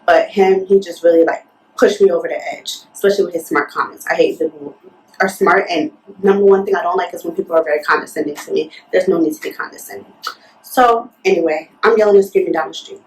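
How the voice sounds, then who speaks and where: A woman's voice: lowish voice, fast, darkish tone. A young woman vlogger telling a storytime in an indignant, fired-up way, full of "like". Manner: fired-up, indignant, talks with lots of "like". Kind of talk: storytime retelling. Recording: roomy echo, mic at a distance.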